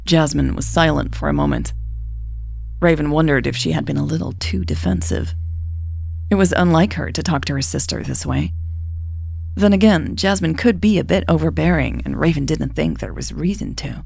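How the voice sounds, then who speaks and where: A woman reading a romance story aloud in a calm, even narration. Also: low-pitched, moderate pace, gravelly.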